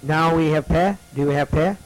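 A man teaching a classroom lesson, slowly repeating each letter's sound for students to copy. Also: fairly high pitch, rough recording.

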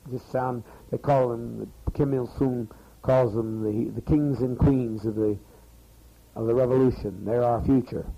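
Steady, measured and warm, with a creaky medium-pitched voice, a man leads a community meeting. Even so, his speech to the gathered people is a rambling, profane scolding, and the archival tape is muffled.

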